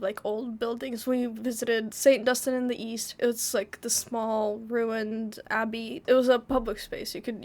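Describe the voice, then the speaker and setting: A woman from the United States, slightly sick, chatting in a rambling casual travel vlog, full of restarts and filler words. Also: fairly high pitch. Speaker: vlogger.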